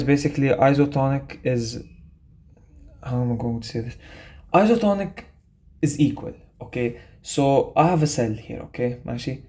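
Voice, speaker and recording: A man's voice: medium pitch, darkish tone. A young man, tutoring biology in a casual, chatty way and often checking in with "okay?". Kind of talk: explaining a quiz to students.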